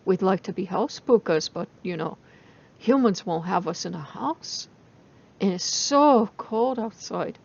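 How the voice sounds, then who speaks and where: A woman's voice: mid-range voice, lively intonation, measured pace, creaky, a little mellow, muffled recording. A woman voicing a tiny, tricky male rabbit spirit who pleads eagerly in a bedtime story. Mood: plaintive.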